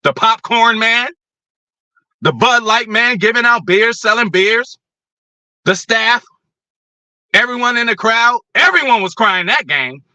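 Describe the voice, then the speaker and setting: A man hosting a show, ranting about football in a blunt, profane, animated way. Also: extremely high pitch, unhurried, pauses often, no echo. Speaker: podcast host. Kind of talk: casual opinion rant.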